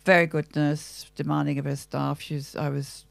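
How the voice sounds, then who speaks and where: An older Australian actress speaks in a deep, creaky voice with little pitch movement, at a moderate pace, on a dry recording. In this reflective interview, she talks thoughtfully and theatrically, posing questions to herself as she goes.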